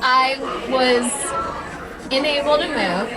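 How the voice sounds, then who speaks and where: High-voiced woman telling stories with laughs. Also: slow pace, a crowd in the background, rough recording. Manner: animated storyteller, laughing often. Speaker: guest. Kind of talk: casual chat. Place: beauty lounge.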